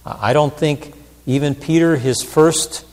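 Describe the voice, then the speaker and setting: A man's voice: on the high side, slow, darkish tone, big-room sound. A man preaching as a pastor, in an earnest, conversational sermon with frequent restarts.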